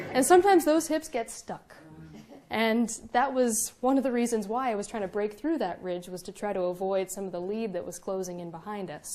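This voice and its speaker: Young woman lecturer, slightly high voice, lively storyteller, pokes fun at herself. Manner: lively storytelling with self-mocking humor. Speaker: Coast Guard officer giving a public lecture. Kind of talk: public lecture with anecdotes. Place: museum lecture room.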